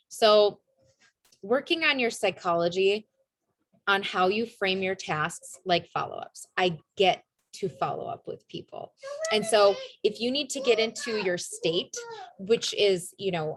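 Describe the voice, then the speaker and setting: A young woman talks through a casual motivational team call in an upbeat, chatty way. She often slips into little acted-out lines of dialogue, at a middle pitch for a woman. The sound is dry and close, with no room around it. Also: no room sound. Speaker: network marketing team leader.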